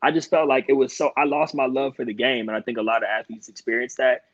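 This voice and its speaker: A man's voice: medium pitch, level tone, quick pace, dry recording. Man hosting an interview over a dull call. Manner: warm, affirming, thoughtful interviewer. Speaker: podcast host. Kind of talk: casual interview. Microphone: video call.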